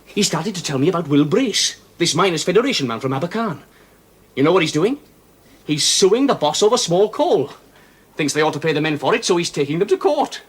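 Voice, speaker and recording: A blunt, hot-tempered young Welsh miner. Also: male voice, on the high side, sing-song, fairly quick, slightly rough. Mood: warm. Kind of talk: 1970s television period drama.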